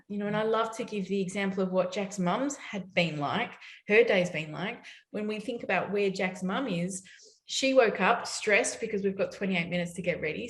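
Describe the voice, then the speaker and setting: Woman, parenting speaker, animated storyteller, echoey room. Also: mid-range voice. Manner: lively storytelling, acts out quoted voices. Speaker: parenting educator. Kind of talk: summit talk. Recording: roomy echo.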